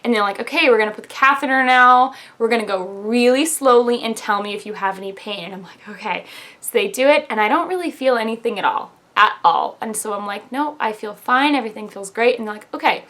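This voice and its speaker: Young woman, higher-pitched, chatty vlogger storyteller. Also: fast, fairly bright tone. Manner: chatty, lots of "like", quotes others in raised voice. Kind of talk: casual storytelling to camera.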